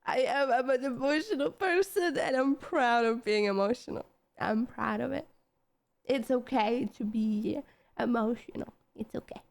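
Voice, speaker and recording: A woman streamer talking to her chat in a casual, emotional way, tearful and halting, often repeating words and restarting. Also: a little high, gravelly. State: tearful, voice breaking. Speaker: live streamer.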